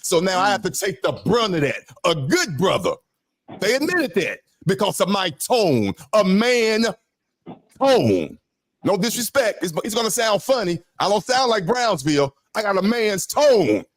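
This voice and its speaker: A man's voice: high-pitched, sing-song, measured pace. A man hosting a podcast panel, talking emphatically and firing off rhetorical questions. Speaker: podcast host. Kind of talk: casual panel talk.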